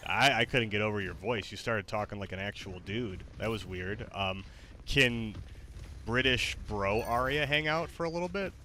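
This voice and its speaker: Brief: male game streamer, low and sharp-toned, chatty, halting. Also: a little hiss or hum. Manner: chatty, halting, with fillers and restarts. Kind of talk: casual live-stream chat.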